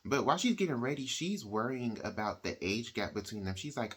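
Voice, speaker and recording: A man of ordinary pitch recaps a book in an easygoing, conversational way. He strings events together with "like" and slips into the characters' voices as he goes. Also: big pitch swings, quick pace, few pauses, a bit bright, slightly rough. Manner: chatty, uses "like" and "she's like" quotes. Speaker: book reviewer. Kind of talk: casual plot retelling.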